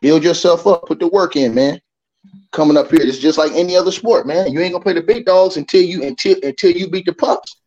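A man with a high voice roasts his fellow panelists in loud, teasing banter. He runs on at the others with streetwise trash talk. The stream audio sounds dull and lo-fi. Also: a little fast. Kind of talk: trash-talking debate banter.

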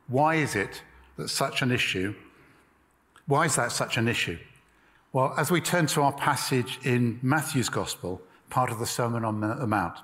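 Man preaching a measured sermon. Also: mid-range voice, fairly bright tone, in a large hall. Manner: measured, emphatic delivery with pauses.

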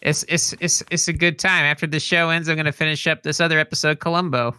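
A man's voice: a little high, little pitch movement, fast, bright, forceful tone, clear, resonant tone, no room sound. A man co-hosting a casual comedy podcast, telling stories in a laid-back way. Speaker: podcast co-host.

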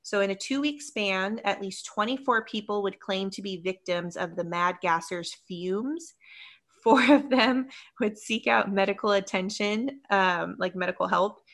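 A woman co-hosts a casual podcast and walks through a local legend from her notes. Her voice is bright and clear, and she laughs easily between facts. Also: medium pitch, unhurried. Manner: giggly, lively storyteller who laughs often. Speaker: podcast co-host.

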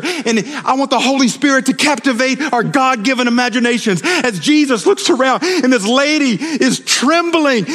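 Impassioned high-voiced male preacher in a hall. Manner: impassioned, swings between hushed and shouted. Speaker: pastor. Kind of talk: sermon. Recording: long hall reverb.

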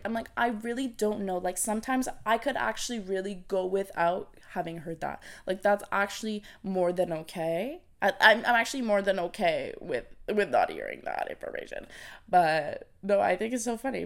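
A young woman from Canada hosts her podcast in a loose, casual chat. She talks in a bubbly, rambling way, full of likes and yeahs, at an ordinary middle pitch for a woman. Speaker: podcast host.

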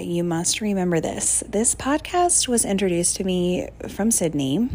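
A woman's voice: lowish voice, a little mellow, slight background noise. A young woman hosting a casual solo podcast, chatty and gushing with lots of fillers. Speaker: podcast host.

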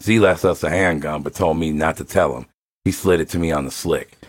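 A man hosting a casual show, reading a story aloud with lively, profane delivery and frequent laughter. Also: very deep voice, a little fast. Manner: animated, laughs often, acts out quotes; profane, slangy.

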